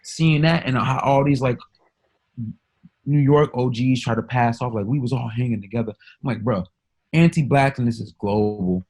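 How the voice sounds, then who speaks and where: A man's voice: mid-range voice, steady tone, moderate pace, darkish tone. A man talking in a casual podcast conversation, speaking emphatically, swearing freely, and mixing stories into his argument. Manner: emphatic, profane, storytelling.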